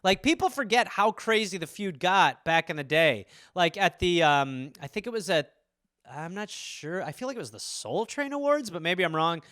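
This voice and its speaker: A man hosting a comedy podcast in casual, rambling riffs, with lots of "like" and loose swearing. His voice sits high and bright, with a smooth, crisp tone. The sound is close and dry, recorded on a studio mic. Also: lively intonation, moderate pace, no echo. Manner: rambling, full of "like" and restarts, swearing freely.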